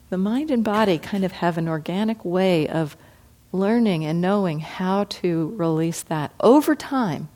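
A woman meditation teacher giving a reflective dharma talk, gently acting out her own inner thoughts as she speaks. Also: lowish voice, unhurried.

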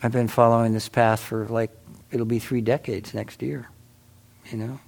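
A man's voice: medium pitch, little pitch movement, moderate pace, creaky, a little mellow. A middle-aged man giving a casual, rambling personal talk at a meditation center, full of restarts and "you know.".

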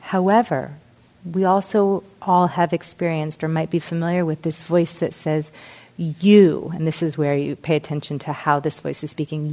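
Middle-aged woman, low voice, reflective mindfulness teacher explaining gently. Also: steady tone, moderate pace. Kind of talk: teaching talk with a parable.

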